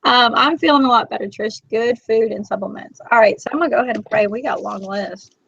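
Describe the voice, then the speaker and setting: Gravelly woman chatting, lo-fi. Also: medium pitch, fairly even intonation, a little hiss or hum. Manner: chatty, emotional, quick to tear up. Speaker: host. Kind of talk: casual live chat. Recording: dull, lo-fi, dry.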